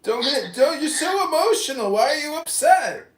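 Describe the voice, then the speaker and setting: A guest in a casual chat, mocking and loud. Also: high voice, sing-song, moderate pace. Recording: echoey room.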